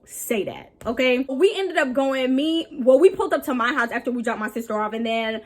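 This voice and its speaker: A young woman tells a story to her viewers in loose, slang-filled talk. She is animated and keeps acting out what others said. Her voice sits a little on the high side. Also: brisk. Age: young adult. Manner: animated, slangy, acts out quotes. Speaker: vlogger. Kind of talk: casual storytime.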